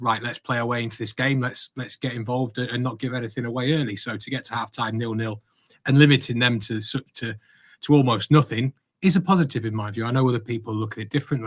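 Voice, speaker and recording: A man's voice: medium pitch, fairly bright tone. A man co-hosting a casual football podcast, giving a chatty match review as an away fan. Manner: fast, chatty match analysis. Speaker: podcast co-host.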